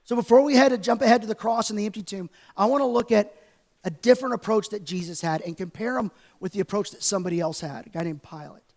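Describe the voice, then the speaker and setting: A man preaching a sermon, his voice pitched high for a man with a gravelly, crackly edge. He talks casually and tells the story with lively asides, like someone chatting with his congregation. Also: fast. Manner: conversational, animated storytelling preacher. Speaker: pastor. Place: church sanctuary.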